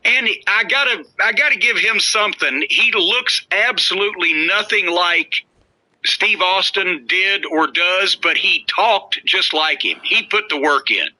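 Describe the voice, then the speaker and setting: A middle-aged podcast host who once worked in wrestling shares wrestling stories in casual chat, blunt, profane and mocking. His high voice is unhurried, pushed and bright, and the recording is rough.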